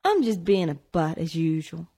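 A woman voicing a boy near his teens, a teasing but soft-hearted big brother with a brash, blustery way of talking. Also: sits low, very animated, moderate pace, heavily acted. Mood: apologetic. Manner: brash, blustery, then awkwardly gentle. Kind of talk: audiobook character voice.

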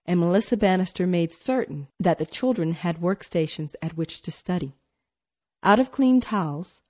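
A woman narrating a novel in a measured storytelling manner. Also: on the low side, dark tone. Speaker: audiobook narrator. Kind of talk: scripted narration.

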